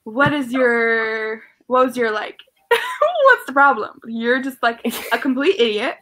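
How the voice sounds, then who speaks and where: A woman's voice: on the high side, sing-song, a little slow, pushed and bright. A young woman in casual chat with friends, ranting with exasperation about characters she finds foolish. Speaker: book discussion participant.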